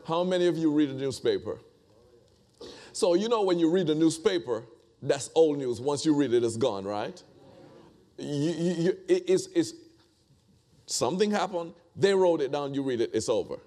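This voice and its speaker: A man's voice: on the high side, animated, normal speed, warm tone. A man preaching a conversational sermon, repeating phrases and asking the congregation rhetorical questions.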